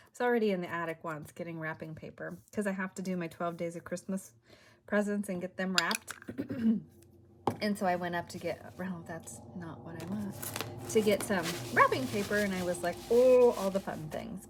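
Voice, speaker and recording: A woman's voice: on the low side, slight background noise. A woman hosting a crafting video, chatting casually and half-muttering to herself as she works at home.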